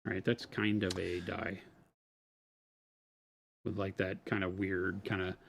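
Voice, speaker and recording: A man with a fairly low voice, talking casually on a live painting stream. He explains things in loose, wandering answers, padding them with "you know" and "um" as he goes. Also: unhurried, gravelly, a little hiss or hum. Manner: relaxed, rambling explanations with many fillers. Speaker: painting host answering viewer questions. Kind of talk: live-stream hobby chat.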